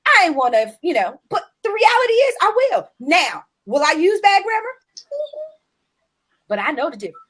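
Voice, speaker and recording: A woman with a high, lively voice hosts a relaxed chat. She talks bluntly, swears freely and acts out other people's texts with big swings in pitch. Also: normal speed. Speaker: host. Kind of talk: casual chat.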